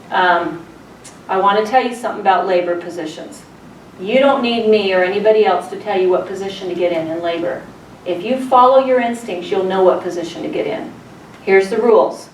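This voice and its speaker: A woman's voice: medium pitch, recorded from a distance. A middle-aged woman leads a childbirth class, telling stories from her own labor and quizzing her students. Her voice sits in the middle of the range. The sound is roomy, with the camera well back and faint noise in the room. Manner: storytelling, asks the class questions. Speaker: childbirth educator.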